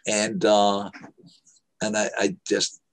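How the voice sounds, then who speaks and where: A man's voice: fairly low pitch, completely flat delivery. An older man, a veteran actor, telling anecdotes in an interview and acting out the voices of people he quotes. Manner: slow, anecdotal, acts out quoted voices, chuckles. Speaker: actor guest. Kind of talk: storytelling interview.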